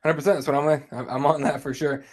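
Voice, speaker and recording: Male co-host from Arizona, easygoing and agreeable, slightly high voice, laughs a lot. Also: little pitch movement, fast talker, darkish tone. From Arizona, USA. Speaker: podcast co-host reading live chat. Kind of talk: casual podcast chat.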